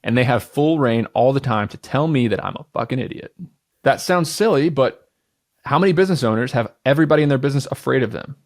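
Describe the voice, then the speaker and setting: Thirties male podcast host, energetic, candid, swears casually, mid pitch. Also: quick pace. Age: 30s. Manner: blunt, candid, swears freely; energetic and confident.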